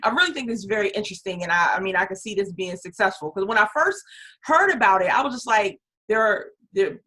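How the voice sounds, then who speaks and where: A woman's voice: mid-range voice, animated, quick pace, bright, forceful tone. Chatty woman interview host. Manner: chatty, storytelling, laughs easily. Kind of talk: casual interview chat.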